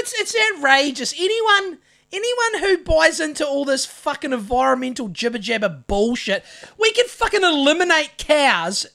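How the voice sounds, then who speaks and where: A man's voice: very high-pitched, gravelly, sharp tone. A New Zealand man co-hosting a podcast, ranting sarcastically with plenty of swearing in casual banter. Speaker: podcast co-host.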